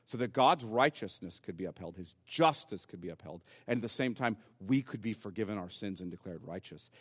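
A man's voice: lowish voice, lively intonation, a little fast, breathy edge, big-room sound. A man preaching a sermon as pastor, explaining scripture step by step in a teaching manner. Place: church sanctuary.

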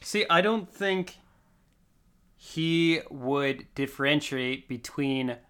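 A man's voice: medium pitch, slow pace, clear, resonant tone. A man co-hosting a casual podcast, adding short comments and his own takes on a comic book. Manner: relaxed, adds short agreeing comments. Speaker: podcast co-host.

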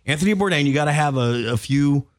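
A man's voice: on the high side, fast. A man hosting a casual chat with friends, going off on mock-dramatic rants. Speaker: podcast host. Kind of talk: casual banter among friends.

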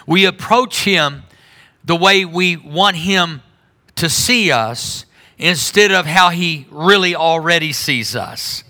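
A middle-aged male pastor preaching a sermon in a conversational way, dropping low and quiet, then rising sharply. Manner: conversational preaching with sudden drops and rises in volume.

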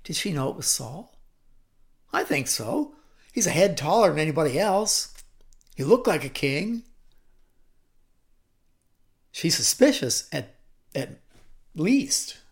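A man teaching a scripture story dramatically, shifting between loud emphasis and hushed whispers. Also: fairly high pitch, sing-song, slow pace, gravelly, long pauses. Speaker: Bible teacher.

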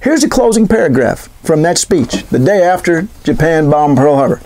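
A man giving a sarcastic, animated political commentary monologue full of rhetorical questions. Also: fairly high pitch, moderate pace.

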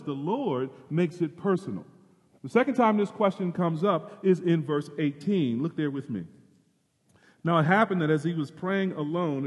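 A man preaching a sermon as pastor, moving between loud emphasis and hushed, drawn-out phrases. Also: on the high side, big-room sound.

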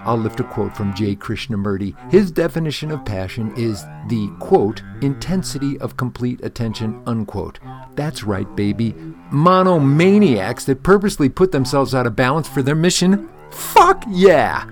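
A man presenting a scripted rant segment on a podcast, gruff and profane. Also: medium pitch, animated, moderate pace, faint music behind, close to an everyday voice.

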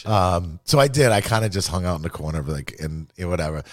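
A man's voice: low voice, lively intonation, brisk, no echo, clean studio sound. A man telling a rambling, profane, self-deprecating story in casual podcast talk.

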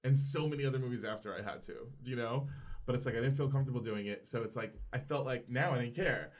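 A man chatting as a podcast guest, telling rambling anecdotes in an animated way. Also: medium pitch, fast talker. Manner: animated anecdotes, acts out quotes; loose, rambling with fillers. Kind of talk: casual storytelling chat.

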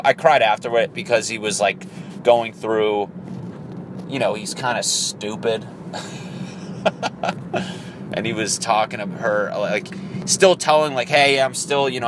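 A man's voice: fairly low pitch, background noise. A man around thirty rambling crudely through a casual solo podcast, joking and acting out quotes in silly voices. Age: 30s. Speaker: podcast host.

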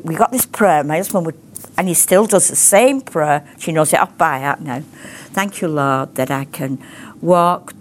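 A woman's voice: deep voice, darkish tone, slight background noise. A middle-aged woman, giving a rambling, heartfelt testimony and prayer to a ministry class. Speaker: ministry teacher.

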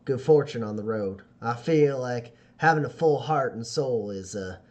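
A man's voice: mid-range voice, normal speed, a little mellow, natural voice. A man voicing a nervous, friendly frontier man with a folksy drawl in a tabletop game. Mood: earnest.

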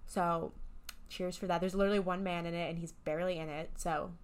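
A woman's voice: on the low side, steady tone, a little fast, clean tone. A woman co-hosting a podcast in casual chat, talking enthusiastically and candidly with some swearing. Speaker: podcast co-host.

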